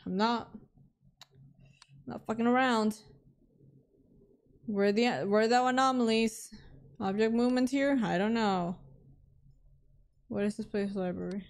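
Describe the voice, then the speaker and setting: A woman's voice: fairly high pitch, a little slow, pauses often. A young woman streamer talking to herself through a horror game, jumpy and pleading, then joking at her own expense. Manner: jumpy, talks to herself, pleading and self-mocking. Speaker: VTuber streamer.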